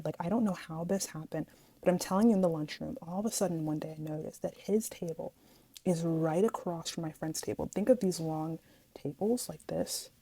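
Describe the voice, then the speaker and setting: A woman's voice: on the low side, poor audio. A young woman casually telling a storytime to her viewers, chatty and dramatic, often speaking to them directly. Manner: chatty, animated, dramatic asides, addresses viewers as guys. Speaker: vlogger.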